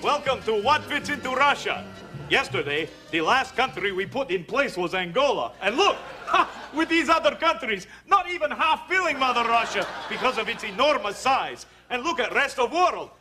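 A man's voice: very high voice, sing-song, normal speed, sharp tone, soft background music, exaggerated voice. An actor playing a pompous male Soviet TV host in a comic fake Russian accent. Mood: announcing. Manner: bad put-on Russian accent, announcing.

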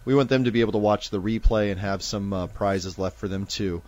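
This man in his thirties, from Omaha, Nebraska, co-hosts a live sports card stream, chatting and joking casually while reading off giveaway lists. His voice is on the low side, fairly quick, with a darkish tone.

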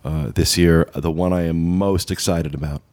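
Male podcast host, very low voice, casual rambling promo chat. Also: steady tone, moderate pace, a little mellow. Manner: rambling, many uh fillers, upbeat promo talk.

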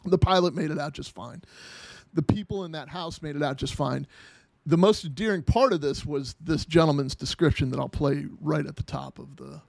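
Gravelly man hosting a podcast. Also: a little high, moderate pace. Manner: rambling, many restarts and filler words. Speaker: podcast host. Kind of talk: casual podcast chat.

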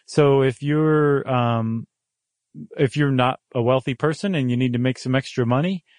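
A man co-hosts a podcast, chatting casually and joking, often saying um as he thinks aloud. His medium-pitched voice is a little mellow and he talks at normal speed. The sound is clean studio audio with no echo.

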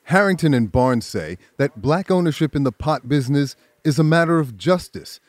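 News host voice-over: man, slightly high voice, measured and even, dry close recording. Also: no room sound. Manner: measured, even reporter delivery. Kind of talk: scripted news narration.

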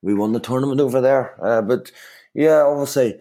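A man's voice: medium pitch, fairly quick, dark tone. A man, a former footballer chatting casually as a guest and rambling with lots of fillers and restarts. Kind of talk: casual podcast chat.

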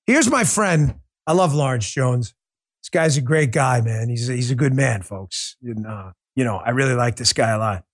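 A man hosting a political commentary podcast, talking in an animated, joking and profane way. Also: mid-range voice, moderate pace. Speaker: podcast host.

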